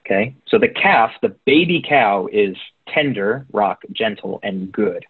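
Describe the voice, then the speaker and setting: A man's voice: lowish voice, lively intonation, unhurried, husky. Conversational preacher man on a tinny line. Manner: conversational, addresses listeners directly. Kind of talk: sermon. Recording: tinny phone-like recording.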